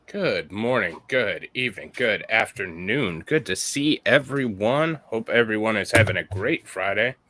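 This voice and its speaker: A man's voice: on the low side, lively intonation, unhurried, few pauses, pushed and bright. A man hosting a casual evening build-and-chat, joking and teasing his friends. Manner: jokey, teasing, swears casually. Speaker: host.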